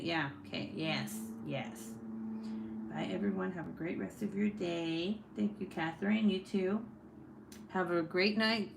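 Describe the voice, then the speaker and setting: A woman's voice: lowish voice, creaky, noisy background. A young woman hosting a casual book club live stream, chatty and often laughing as she reads viewer comments aloud.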